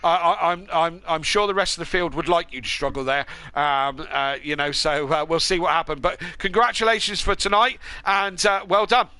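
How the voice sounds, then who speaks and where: A man hosts a live racing stream in a high, sharp voice. He is chatty and keen, filling gaps with ums and uhs. He speaks over a headset mic. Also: steady tone, normal speed, few pauses, clear, resonant tone. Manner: chatty, filler-heavy, enthusiastic. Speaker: race broadcast host. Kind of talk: post-race interview commentary.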